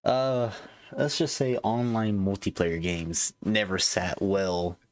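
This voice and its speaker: A man with a very low voice co-hosts a casual gaming podcast. He talks slowly and unhurriedly, stopping and restarting often and leaning on fillers. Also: fairly even intonation. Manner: laid-back, halting with fillers and restarts. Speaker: podcast co-host.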